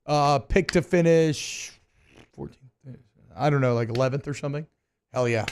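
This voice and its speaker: A man co-hosting a sports radio show, quick and wry, mixing jokes with analysis. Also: a little high, a little mellow, clean tone. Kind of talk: casual sports radio banter. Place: radio studio.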